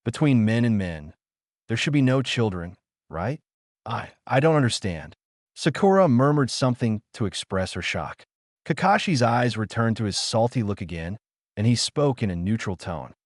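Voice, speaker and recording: A man narrating a translated web novel audiobook in an animated storytelling manner. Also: mid-range voice, moderate pace, no room sound, studio quality.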